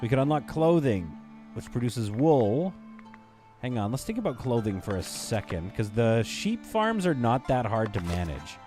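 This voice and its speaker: A man's voice: medium pitch, sing-song, moderate pace, darkish tone, soft background music. A man streaming a strategy game, rambling and thinking aloud as he chats with his viewers. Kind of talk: casual gameplay commentary.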